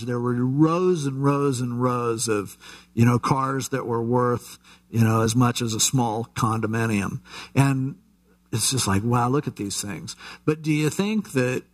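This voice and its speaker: Chatty preacher man, easygoing Bible teaching. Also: medium pitch. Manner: relaxed and chatty, with asides and frequent restarts. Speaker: pastor. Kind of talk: conversational Bible teaching sermon.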